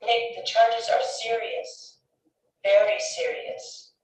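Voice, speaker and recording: A woman playing a young woman in a scripted course dialogue, speaking clearly and evenly. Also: a little high, level tone, slow pace, faint music behind. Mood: plain. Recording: distant, echoey, dull lo-fi playback.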